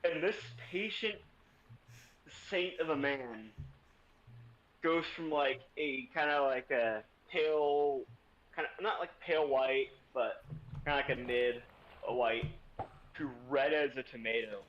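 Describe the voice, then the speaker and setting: A man's voice: mid-range voice, measured pace, fairly bright tone, lo-fi sound. A young man, a streamer, casually telling a rambling story and swearing freely.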